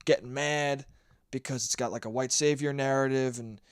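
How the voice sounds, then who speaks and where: A man's voice: mid-range voice, fairly even intonation, normal speed, clean tone, dry recording, clean studio sound. A young man hosting a solo podcast, ranting sarcastically and swearing a lot while acting out mocking voices. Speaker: podcast host. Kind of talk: solo comedic rant.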